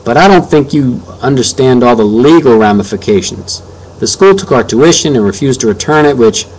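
A man voicing a middle-aged father who explains things calmly, like a lawyer. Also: medium pitch, breathy edge, rough recording. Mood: lecturing. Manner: measured, lawyerly.

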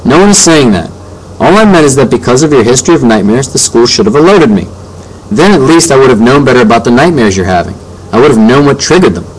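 A man doing an anxious suburban mom whose voice sits well above his own natural register. She frets and fusses, raising her pitch when alarmed, but keeps the tone of a storybook mother. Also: expressive, fast talker, slightly rough, rough recording. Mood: concerned. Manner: anxious and fussy. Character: worried, gossipy suburban mother.

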